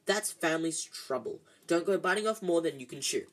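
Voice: mid-range voice, expressive, a little fast. Reader putting on a fussing mother witch. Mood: sharp. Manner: fussy, sharp. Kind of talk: amateur audiobook reading.

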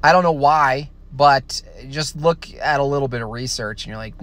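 A man's voice: medium pitch, moderate pace, hardly any pauses, fairly bright tone. A man casually answering viewer questions, blunt and opinionated, often restarting his sentences. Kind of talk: casual stream Q&A.

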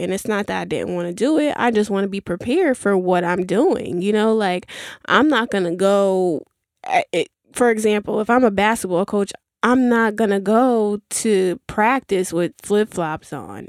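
A woman's voice: medium pitch, moderate pace, a little mellow, no echo, clean studio sound. A young woman hosting a podcast, telling a rambling story in casual chat with many fillers and asides. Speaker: podcast host.

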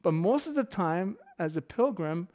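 A man's voice: high-pitched, animated, normal speed, darkish tone. A middle-aged man giving a casual sermon full of personal stories, joking and laughing often. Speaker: pastor.

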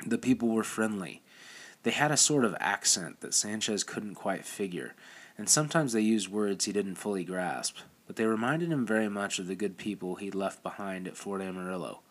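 Low-voiced man reading a novel aloud. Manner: steady, measured reading with small restarts. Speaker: audiobook narrator. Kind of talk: scripted narration.

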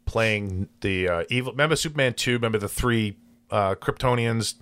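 Animated man telling a rambling story. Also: on the low side, moderate pace. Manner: animated, swearing, many restarts and quoted voices. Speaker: podcast guest, adult film performer. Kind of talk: casual storytelling.

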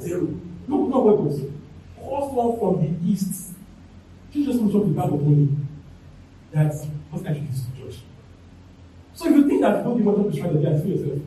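Male pastor, high-pitched, emphatic and repetitive sermon delivery; distant mic, heavy room echo. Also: warm tone, slight background noise. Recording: echoey room, from far off.

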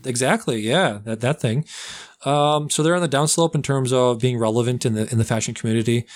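A young man casually reviewing movies on a podcast, rambling and slipping into loud, comic put-on accents. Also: medium pitch, brisk. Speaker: podcast host.

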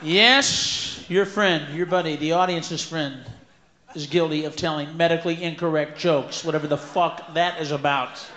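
A man doing a loud, profane stand-up comedy set, ranting and breaking into screaming shouts as he mocks the voices of others. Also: a little high, steady tone, normal speed. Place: large live venue with audience. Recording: roomy live concert recording with crowd noise.

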